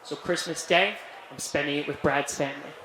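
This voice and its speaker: A young male comedian working a club crowd through a handheld stage mic. His voice sits a bit high for a man, and he keeps checking in with "right?". The sound is roomy, with a faint hum of the venue behind him. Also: a little fast. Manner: animated, keeps asking "right?", jokey self-praise. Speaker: stand-up comedian. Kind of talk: stand-up comedy set.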